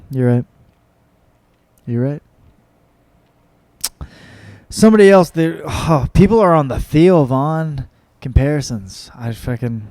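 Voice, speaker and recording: A man's voice: mid-range voice, warm tone, no echo. A young man, a comedian hosting his own podcast, rambling and swearing as he reads out and answers viewer comments. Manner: rambling, profane, self-mocking. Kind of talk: casual solo podcast chat.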